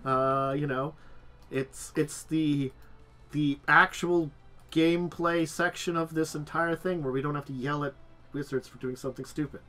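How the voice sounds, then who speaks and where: Male host, under the weather, casual and rambling, slightly raised pitch. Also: steady tone, unhurried, bright, forceful tone, soft background music. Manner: rambling with frequent restarts and fillers. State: sick and tired. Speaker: podcast host. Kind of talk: casual chat.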